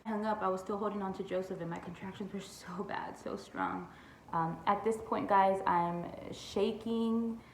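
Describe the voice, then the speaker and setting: A woman's voice: mid-range voice, fairly even intonation, normal speed, a little hiss or hum. A young woman chatting through a storytime vlog, full of "like" and "y'all". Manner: chatty, says "like" and "y'all" a lot. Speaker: vlogger. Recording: echoey room with faint ambience.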